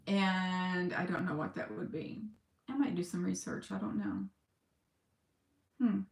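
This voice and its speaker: Slow, tearful woman vlogger, echoey room. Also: lowish voice, creaky. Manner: slow, halting, emotional talk with sighs and pauses. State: close to tears. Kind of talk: personal video diary.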